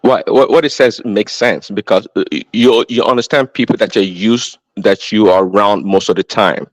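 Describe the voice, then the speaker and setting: A man speaking as a guest in a casual discussion, relaxed and hesitant, with many fillers. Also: on the low side, moderate pace, dry recording, low-quality recording. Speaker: panel guest.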